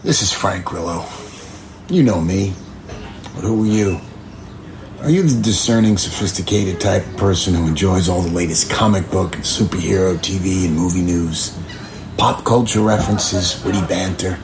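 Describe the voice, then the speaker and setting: A man reading a scripted promo in a deadpan, dry-humored way. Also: low voice, moderate pace, noisy background. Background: music.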